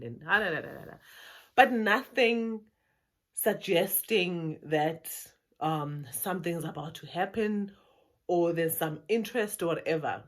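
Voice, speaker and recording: A woman's voice: fairly low pitch, expressive, measured pace, a bit bright. A South African woman telling a personal story to her viewers in a casual, chatty way, often laughing. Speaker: YouTuber.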